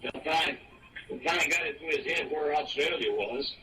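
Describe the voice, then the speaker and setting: A man in his eighties from Virginia, reminiscing casually and haltingly, stumbling and repeating words with many fillers. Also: a little high. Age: 80s. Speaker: retiree interviewed in an archive recording. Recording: distant mic with clear noise in an old home recording.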